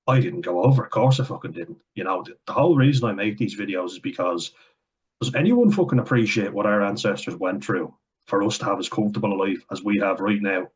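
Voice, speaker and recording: A man's voice: on the low side, fairly quick, slightly rough, highs cut off. An Irish man giving a heated, blunt vlog rant at home, swearing often. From Ireland. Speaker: commentator. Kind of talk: ranting vlog commentary. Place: at home, indoors.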